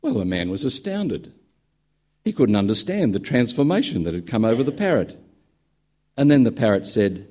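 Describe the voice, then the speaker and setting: Husky, animated preacher. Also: male voice, mid-range voice, normal speed. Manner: conversational storyteller, dry humour. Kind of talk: sermon with a told joke.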